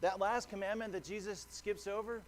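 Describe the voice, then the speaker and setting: High-voiced earnest male pastor. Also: steady tone, moderate pace, slight background noise. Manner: earnest, conversational preaching with restarts. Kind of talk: sermon. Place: church sanctuary.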